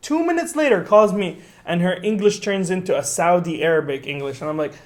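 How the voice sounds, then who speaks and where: A young man co-hosting a podcast in casual chat, telling stories with dry jokes and quick asides. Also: sits high, animated. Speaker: podcast co-host.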